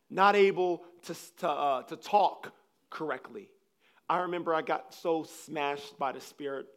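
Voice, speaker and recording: A man preaching a sermon, telling personal stories in a rambling, animated way, with frequent restarts. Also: on the high side, gravelly. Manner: animated, acts out scenes with loud laughter and shouts; rambling, restarts sentences often.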